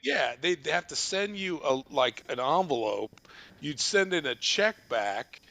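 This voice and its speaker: A man hosting a podcast, telling a profane comic story in an animated way. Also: on the high side, unhurried, vocal fry. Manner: animated, swearing, laughing. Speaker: podcast host.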